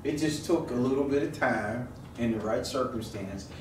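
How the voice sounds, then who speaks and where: In a church sanctuary, a pastor delivers a loose, joking sermon full of stories, inviting the congregation to call back. His voice sits at medium pitch and moves at a moderate pace. The recording is roomy and noisy, captured from a distant mic.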